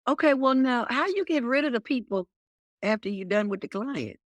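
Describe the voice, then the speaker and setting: A woman's voice: a little high, animated, no echo, lo-fi sound. Playful woman podcast host. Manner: playful, teasing, quick to laugh. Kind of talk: casual chat.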